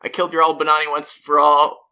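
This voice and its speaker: A man's voice: fairly high pitch, completely flat delivery, brisk, pushed and bright. A young man co-hosting a podcast, bantering goofily in casual improv. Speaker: podcast co-host.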